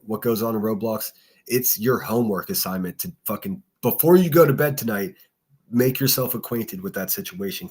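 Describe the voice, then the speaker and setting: Husky, blunt livestream host, a man. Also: lowish voice, darkish tone. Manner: blunt, profane, rambling. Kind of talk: casual solo commentary reading chat.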